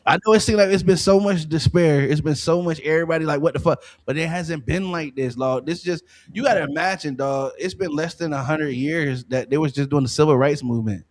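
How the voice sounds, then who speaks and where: Man, podcast co-host, casual chat, emphatic ranting, higher voice. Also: brisk, few pauses, a little hiss or hum.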